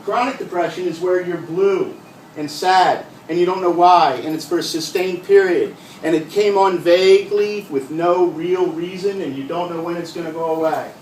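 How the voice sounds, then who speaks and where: An older man, a retired comedian, telling a stand-up story with deadpan comic pauses in front of a live audience. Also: high-pitched. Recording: echoey room from far off, faint noise.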